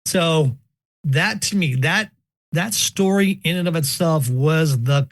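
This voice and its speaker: A man casually telling personal paranormal stories, animated and joking, often repeating words as he goes. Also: fairly high pitch, takes it slowly, no room sound, studio quality. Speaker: podcast guest telling paranormal experiences. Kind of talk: casual storytelling.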